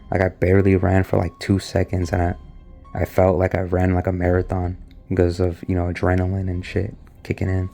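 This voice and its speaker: Low, flat, gravelly young man. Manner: loose and rambling, heavy on filler words. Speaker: vlogger recounting an experience. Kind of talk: casual spoken retelling.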